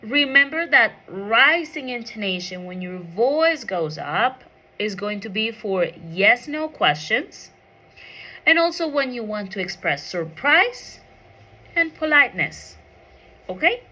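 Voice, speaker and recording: A woman's voice: fairly high pitch, big pitch swings, a little slow, bright, forceful tone. A woman teaching an English pronunciation micro lesson, asking the class questions and checking in with "okay?" after each point.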